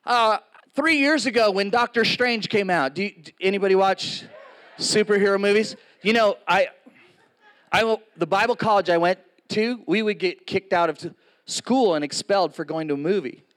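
A man's voice: high voice, moderate pace, a bit bright. A man in his sixties preaching a sermon to a congregation, casual and joking, with frequent asides to the audience. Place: in front of a live congregation.

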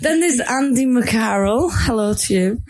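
A woman's voice: fairly high pitch, lively intonation, a little slow, a little mellow. A woman from northern England co-hosting a casual podcast chat, giggling as she reads out listener names. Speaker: podcast co-host.

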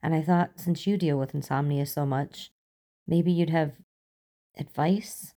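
A woman's voice: sits low, steady tone, unhurried, warm tone. Scully, a woman reading a weary sleepless agent. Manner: weary, clipped, self-conscious. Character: tired, sleepless female FBI agent, doctor.

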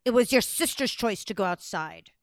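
A woman voicing a low, hushed old king. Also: animated, moderate pace, no room sound, studio quality, close to an everyday voice. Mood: stern. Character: gruff cautious old king father.

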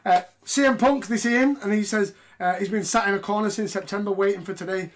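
Joking, swearing podcast host. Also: male voice, high voice, a little fast. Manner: joking, profane and mocking. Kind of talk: casual podcast chat.

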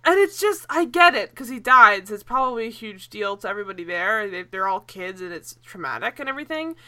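A young woman casually chatting as a podcast co-host, animated and laughing, rambling with fillers and the odd swear word. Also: mid-range voice, brisk. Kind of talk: casual chat.

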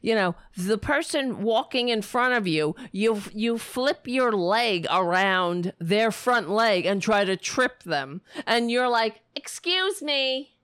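Woman commentary host, middle-aged, unhurried and outraged, blunt profane delivery, dry close mic. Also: medium pitch, lively intonation, fairly bright tone, clear, resonant tone, no room sound. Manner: indignant, blunt and profane, with frequent restarts. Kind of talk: opinionated political commentary.

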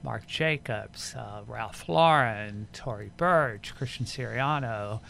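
A man's voice: medium pitch, slow, creaky, a bit bright, a little hiss or hum. A man guest in a casual podcast chat, enthusiastic as he runs through trends. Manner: enthusiastic, lists names and trends. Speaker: fashion guest.

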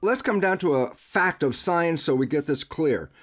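An older man, a biologist guest, explaining science in an animated way and acting out questions and answers with himself. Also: a little high, normal speed, faint music behind. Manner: animated storyteller, acts out dialogue with himself.

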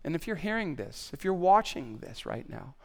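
A man preaching a sermon, animated and conversational, swinging between loud emphatic bursts and hushed, solemn passages. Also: on the high side, moderate pace. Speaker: pastor.

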